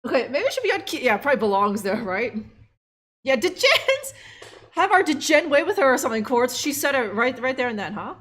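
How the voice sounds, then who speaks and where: High-voiced sarcastic woman streamer. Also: very animated, brisk, a bit bright. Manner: sarcastic, laughing, profane, lots of fillers. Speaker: game streamer. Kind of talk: casual live game commentary.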